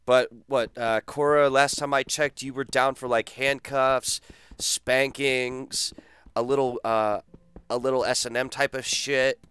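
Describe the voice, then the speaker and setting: Smooth-voiced man teasing his stream chat. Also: medium pitch, fairly bright tone, no echo. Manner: crude, teasing banter with chat. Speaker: gaming streamer. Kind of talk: casual live-stream chat.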